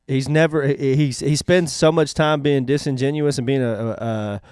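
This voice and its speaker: A man talking casually on a podcast, with a smooth and resonant voice at an average pitch. He backs up and restarts as he weighs his thoughts. The recording is dry and close-miked. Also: fairly even intonation, a little mellow, no echo. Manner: conversational, halting with restarts while forming opinions. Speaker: podcast co-host.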